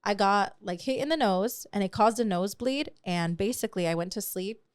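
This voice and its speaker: A woman in her twenties co-hosting a podcast, telling a story in a casual, animated way, swearing freely and slipping into Spanish phrases. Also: mid-range voice, brisk, smooth, no room sound. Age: 20s. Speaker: podcast co-host.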